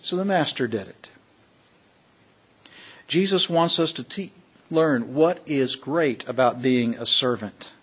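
A man's voice: mid-range voice, lively intonation, slow pace, pauses often, fairly bright tone, slightly rough. A man pastor delivering a sermon, emphatic and asking the congregation questions as he goes.

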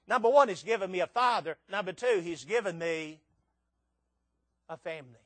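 A man preaching a sermon, swinging between loud emphatic lines and hushed, tender ones. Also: high-pitched, normal speed, dry recording. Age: 60s.

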